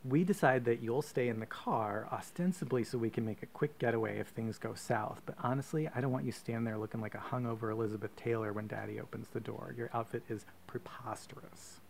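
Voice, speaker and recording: A man co-hosting a podcast, reading a profane, comic choose-your-own-adventure story aloud with deadpan asides. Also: medium pitch, fast talker, vocal fry, few pauses, a little hiss or hum. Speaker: podcast co-host.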